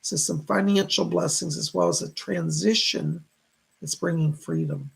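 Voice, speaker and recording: A man's voice: fairly high pitch, fairly even intonation, unhurried, gravelly, slight background noise, low-quality recording. A man hosting live-stream psychic readings. He reads viewer messages aloud and relays spirit messages. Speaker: psychic reader, show host.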